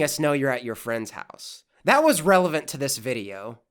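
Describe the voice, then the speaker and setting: A podcast host giving sarcastic, profane reaction commentary in deadpan asides. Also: medium pitch, moderate pace.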